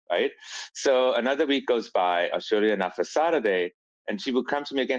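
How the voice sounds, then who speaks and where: A man's voice: mid-range voice, expressive, fast talker, no room sound, highs cut off. A man from Austria, a brand founder telling stories as a podcast guest and acting out quoted lines. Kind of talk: casual storytelling.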